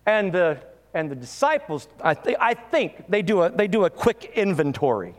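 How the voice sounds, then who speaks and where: A man's voice: fairly high pitch, big pitch swings, normal speed. Preaching man in an echoing hall. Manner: preaching with rhetorical questions, rising to emphatic peaks. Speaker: pastor. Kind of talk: sermon.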